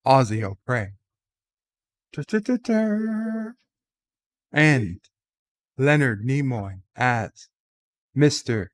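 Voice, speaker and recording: A man doing a halting, grandiose starship captain. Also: mid-range voice, no room sound. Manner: dramatic pauses between words, hummed fanfare. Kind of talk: comedic impression.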